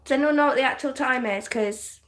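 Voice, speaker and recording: A young woman from northern England with a softened English accent, chatting casually on a livestream, giggly and full of "like" fillers. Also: high-pitched, brisk. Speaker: livestream host. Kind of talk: casual livestream chat reading comments.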